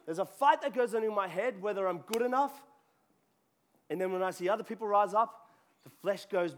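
Speaking briskly in a high-pitched voice, a pastor gives a sermon before his congregation in a church hall. He keeps the tone conversational and jokes with the people present.

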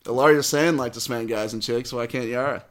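A man's voice: medium pitch, fairly quick. Casual male podcast co-host. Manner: joking, runs the segments. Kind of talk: casual comedic chat.

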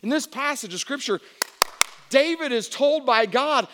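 Middle-aged male pastor, very high bright voice, animated storyteller, big reverberant hall. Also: unhurried. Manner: animated storyteller, acting out voices and shouting for effect. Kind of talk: sermon with a personal story. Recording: long reverb of a large hall.

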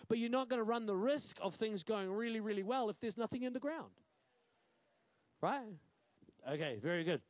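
High-voiced New Zealand preacher, punchy. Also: male voice, no echo. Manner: punchy, asks the crowd "right?" often. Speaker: pastor. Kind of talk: sermon.

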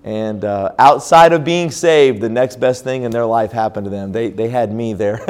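At a church conference, a pastor shares a personal testimony in sermon style. His voice is mid-pitched and his pace moderate, and he restarts frequently and relies on fillers.

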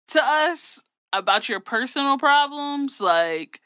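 A woman's voice: mid-range voice, a little slow, sharp tone, no echo. A woman co-hosting a casual gossip chat, sassy, blunt and profane. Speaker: podcast co-host.

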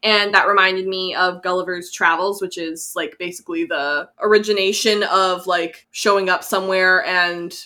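A woman's voice: lowish voice, steady tone, moderate pace, hardly any pauses, bright, forceful tone. A young woman co-hosting a podcast, chatting casually with lots of filler words. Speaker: podcast co-host. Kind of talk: casual chat recapping a show.

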